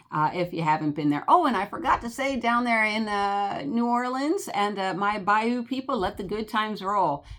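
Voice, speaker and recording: A woman's voice: mid-range voice, fairly bright tone. An older woman with a New Jersey accent, chatting casually and rambling about travel, with lots of fillers and laughs. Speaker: travel vlogger.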